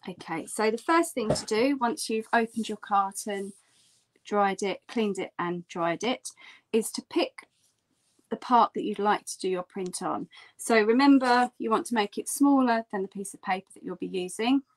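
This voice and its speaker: Chatty woman teaching a craft. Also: normal speed. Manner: chatty and explanatory, with bright lifts in pitch. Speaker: print artist teaching a workshop. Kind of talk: friendly online craft tutorial.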